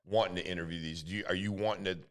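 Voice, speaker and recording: A man hosting a talk show, asking a guest questions in a relaxed, searching way. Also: low-pitched, racing. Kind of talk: casual interview.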